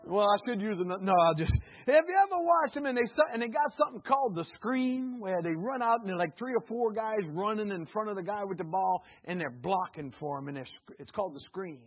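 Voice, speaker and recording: A man preaches with a high, husky voice. His delivery is animated, sliding between quiet confiding asides and loud shouted declarations. The recording is tinny and narrow, like a phone line. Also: brisk. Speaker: pastor. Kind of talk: sermon.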